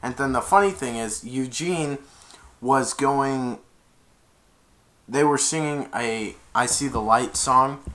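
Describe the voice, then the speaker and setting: A man's voice: mid-range voice, bright, forceful tone. A man casually retelling a movie, rambling with many restarts. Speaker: movie reviewer.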